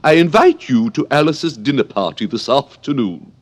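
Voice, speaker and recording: A man reading an audiobook, voicing an imperious, scolding old queen in a shrill, emphatic manner. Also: very animated, normal speed. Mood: bossy.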